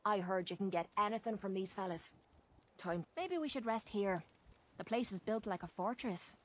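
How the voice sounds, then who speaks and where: A woman's voice: mid-range voice, moderate pace, no echo, close to an everyday voice. A matter-of-fact woman game companion, voiced by an actress.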